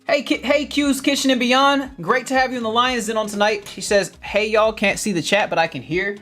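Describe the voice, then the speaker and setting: A man's voice: high-pitched, fairly even intonation, fairly quick, a bit bright, soft background music. Chatty man hosting a garden livestream. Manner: laughs often, repeats phrases, upbeat and chatty. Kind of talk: casual livestream chat reading viewer comments.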